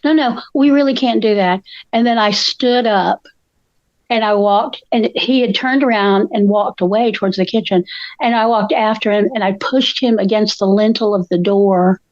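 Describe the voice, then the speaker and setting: A woman's voice: medium pitch, steady tone, moderate pace, dry recording, muffled recording. An older woman, a co-host telling stories in casual chat, feisty and acting out the voices of the people she quotes.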